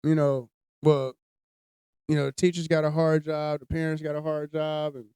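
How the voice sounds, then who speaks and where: A man's voice: fairly high pitch, little pitch movement, normal speed, dark tone, smooth, no room sound, clean studio sound. Blunt, profane man telling a story. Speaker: podcast host. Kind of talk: casual chat.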